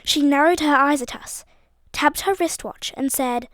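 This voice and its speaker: High-voiced woman narrating an audiobook. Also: unhurried, no room sound. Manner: expressive, voices each character. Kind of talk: storytelling narration.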